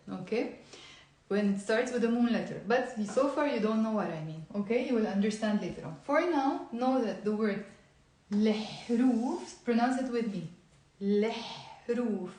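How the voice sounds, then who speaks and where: A woman's voice: a little high, darkish tone, echoey room. A woman teaching a live online language lesson, chatty and encouraging, coaxing viewers to repeat words aloud. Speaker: Lebanese Arabic teacher. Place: indoor room at a whiteboard.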